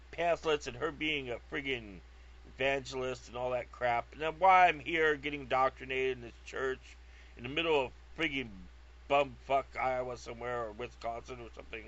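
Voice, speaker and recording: Recorded on a lo-fi track with a dull sound, a Californian man spins a meandering, funny story full of digressions, swearing and self-mockery. His voice has a medium pitch and is a bit bright.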